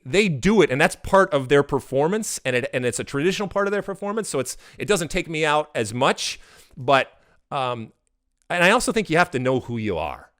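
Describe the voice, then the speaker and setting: A middle-aged man hosting a casual podcast, talking in an animated, emphatic way that swings into loud exasperated rants. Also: a little high, dry recording, studio quality. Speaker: podcast host.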